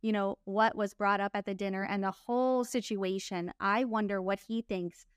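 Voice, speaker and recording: A woman's voice: medium pitch, steady tone, moderate pace, clean tone, dry recording, studio quality. A young woman co-hosting a casual chat show, recapping a reality series and acting out the cast's lines. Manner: chatty, acts out cast members' lines. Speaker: podcast co-host.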